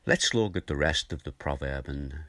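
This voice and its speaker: Older man, very deep, dry devotional. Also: lively intonation, normal speed, no room sound. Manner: gentle, conversational, chuckles now and then. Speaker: preacher. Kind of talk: morning devotional talk.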